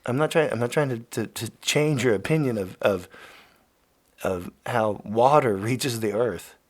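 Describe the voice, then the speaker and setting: A man hosting a podcast, rambling casually and swearing often, swinging from loud rants to quiet mutters. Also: medium pitch, unhurried. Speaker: podcast host. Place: Los Angeles.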